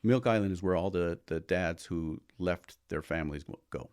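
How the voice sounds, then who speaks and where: A school resource officer talking casually on a podcast, explaining things step by step and often checking in with "right?". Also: male voice, deep voice, moderate pace, a little mellow, clear, resonant tone.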